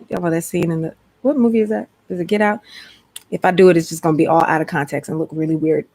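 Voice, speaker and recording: A woman's voice: lowish voice, fairly even intonation, fast talker, darkish tone. A woman hosting a casual chat stream, rambling and talking straight to her viewers. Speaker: host.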